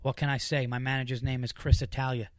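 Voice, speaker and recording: A man hosting a podcast, chatting casually and excitedly, rambling with lots of fillers and restarts. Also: medium pitch, fast, no echo, studio quality. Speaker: podcast host.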